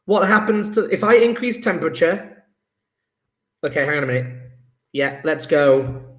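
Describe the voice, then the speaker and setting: A man's voice: fairly high pitch, expressive. Upbeat chemistry teacher guy, voice jumps all over, kinda echoey room. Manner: enthusiastic, coaxing students, quick asides. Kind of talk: live online lesson. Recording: roomy echo.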